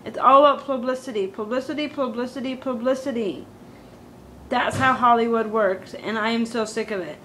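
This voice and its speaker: A woman in a comedic character monologue, talking like a valley girl with "like" and "totally" in every breath. She rants with big, dramatic emphasis. Her voice sits fairly high, with a faint hiss behind it. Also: steady tone, a little fast, few pauses, pushed and bright, poor audio. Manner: exaggerated, dramatic ranting.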